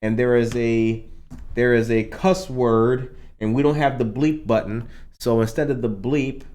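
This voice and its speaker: A man hosting a casual morning news podcast alone in the studio, upbeat and chatty, often calling listeners ladies and gentlemen. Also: medium pitch, steady tone, a little slow. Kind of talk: casual live news chat.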